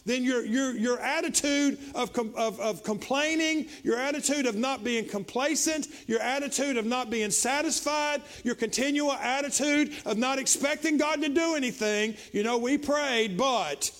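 A male pastor, preaching a sermon with frequent repetitions and stretches that build into shouting. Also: very high-pitched, moderate pace, hardly any pauses.

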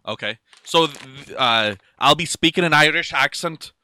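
Bright, joking young guy. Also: a little high, a little slow, dry recording. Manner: joking, profane, laughs often. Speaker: vlog host tasting snacks. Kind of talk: casual chat.

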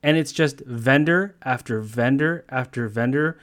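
A man's voice: medium pitch, unhurried, a bit bright. Man, podcast co-host, casual chat, rambling storyteller, swears a lot.

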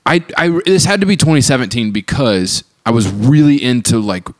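A man's voice: medium pitch, sing-song, moderate pace, a little hiss or hum. A young man on a podcast, telling an embarrassing memory in casual chat, sheepish and self-deprecating. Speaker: podcast co-host.

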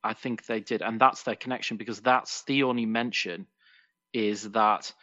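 A man's voice: fairly low pitch, fairly even intonation, moderate pace, pushed and bright, no echo. A man co-hosting a podcast, chatting casually about beer with playful asides. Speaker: podcast co-host. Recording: dull lo-fi, dry sound.

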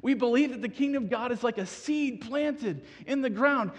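A man in his thirties delivers a sermon in an earnest, questioning way, often restarting his sentences. His voice sits high and sounds a little husky. The sound trails off in the long reverb of a large hall. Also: moderate pace. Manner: earnest, asks the congregation questions, frequent restarts. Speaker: pastor.

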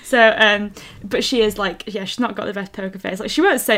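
A woman's voice: medium pitch, brisk, a bit bright. A young woman co-hosting a podcast in casual chat, laughing often and restarting her sentences as she talks. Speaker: podcast co-host.

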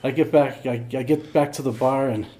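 A man's voice: mid-range voice, fairly even intonation, moderate pace, mellow. A man sits in as a guest on a podcast and tells a long bar story with plenty of restarts and repeated words. His voice sits in an ordinary middle range, and the delivery is loose and rambling. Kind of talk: casual storytelling.

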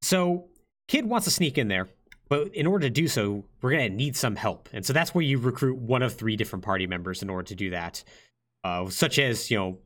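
A man's voice: medium pitch, a little fast. A young man hosting a podcast, casually retelling a game plot with lots of fillers. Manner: lively, filler-heavy, acts out quotes. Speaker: podcast host.

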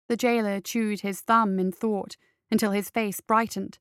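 A woman reading a story aloud in measured, dramatic audiobook narration, close to the mic. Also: medium pitch, fairly even intonation, fairly bright tone, smooth, no echo.

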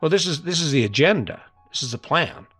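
This middle-aged man hosts a podcast with a motivational monologue, earnestly coaxing listeners and repeating the same challenge. His voice is a little high, expressive and fairly quick, fairly bright with a breathy edge. The recording is dry, with faint music behind.

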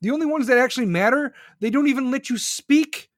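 A man's voice: very high voice, a little fast, no room sound, studio quality. A man hosting a podcast, delivering an angry, profane political rant. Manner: furious, profane, ranting. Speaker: podcast host.

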